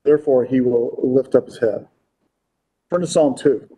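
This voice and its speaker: A man's voice: medium pitch, moderate pace, husky, dull audio. A man preaching a Bible-teaching sermon. He reads scripture aloud, explains it, and asks his listeners frequent rhetorical questions. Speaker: pastor.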